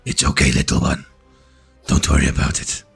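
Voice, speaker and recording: Kindly old paladin mentor, low-pitched and gentle, played by a man. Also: monotone, gravelly, husky, soft background music, heavily acted. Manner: slow, kindly, calls her little one.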